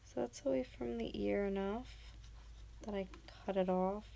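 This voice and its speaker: A North American woman in her twenties, a YouTuber, chats casually with viewers as she sculpts, rambling and slipping into whispers while working. Her voice is medium-pitched and warm with vocal fry, at a normal speed.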